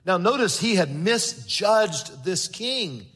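Husky pastor preaching in a reverberant hall. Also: male voice, sits high, big pitch swings, takes it slowly, fairly bright tone. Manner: earnest preaching with stammered word repeats; acts out quoted voices in storytelling. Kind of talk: sermon. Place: large church sanctuary. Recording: long reverb of a large hall.

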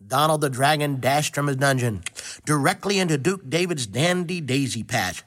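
Playful, animated male storyteller. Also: fairly high pitch, moderate pace. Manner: playful tongue-twisting delivery. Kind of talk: storybook reading.

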